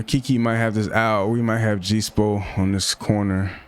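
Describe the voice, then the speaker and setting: Young guy streaming a football game, lowish voice, slangy, keeps groaning at his own mistakes. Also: flat delivery, a little slow, smooth. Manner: slangy, frustrated outbursts, talks to himself. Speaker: gaming streamer. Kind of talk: live gameplay commentary.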